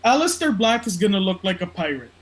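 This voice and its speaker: Fast-talking and very animated, this high-pitched man co-hosts a casual wrestling podcast out of the Philippines, swearing constantly, ranting, and doing mocking impressions. It's a low-quality recording.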